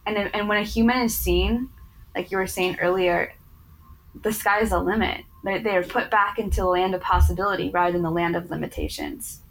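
A woman's voice: mid-range voice, steady tone, brisk, a little hiss or hum, poor audio. A woman in her thirties, a yoga teacher, earnestly telling stories from her work as an interview guest, with lots of "like" fillers. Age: 30s. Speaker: yoga teacher in addiction recovery. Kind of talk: personal storytelling in conversation.

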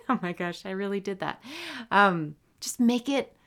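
A woman hosting a solo podcast, talking casually and playfully, with animated swings and soft whispered asides. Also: mid-range voice, moderate pace. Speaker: podcast host.

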